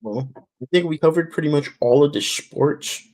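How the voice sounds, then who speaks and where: A man's voice: fairly high pitch, darkish tone, rough recording. Man chiming in with short replies. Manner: short agreeing replies and quick quips. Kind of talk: casual podcast chat.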